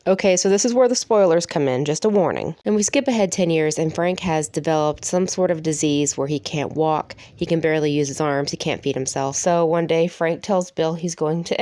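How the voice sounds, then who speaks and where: A woman's voice: low voice, moderate pace, few pauses, warm tone, no echo, clean studio sound. A woman giving a casual spoken review of a TV show, chatty and emotional, with frequent laughs.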